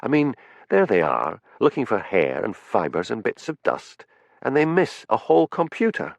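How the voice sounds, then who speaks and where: A man voicing a calm, dry-witted village policeman in an audiobook. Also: mid-range voice, moderate pace, gravelly, dry recording. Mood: inquiring.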